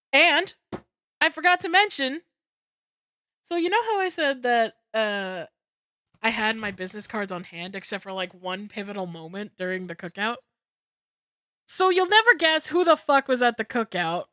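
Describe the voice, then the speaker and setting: A young woman streamer telling a story in casual chat, excitable and swearing freely. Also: a little high, a little slow, pauses often, no room sound, studio quality.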